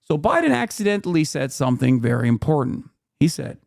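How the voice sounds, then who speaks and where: A man's voice: on the high side, big pitch swings, fairly quick, creaky, a little mellow. A man in his thirties hosting a livestream, explaining at length in a heated, profane way, full of fillers and restarts. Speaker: streamer host.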